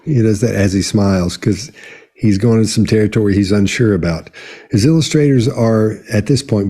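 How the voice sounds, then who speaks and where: A man's voice: lowish voice, dark tone, slightly rough. A man giving analytical commentary on a video clip as a body language analyst, hesitant and tentative in his delivery. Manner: hesitant, many fillers and restarts, tentative.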